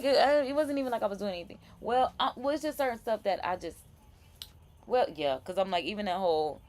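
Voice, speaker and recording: Chatty rambling woman host, lowish voice. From Florida. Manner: chatty, rambling, laughing asides. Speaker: live chat host. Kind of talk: casual commentary.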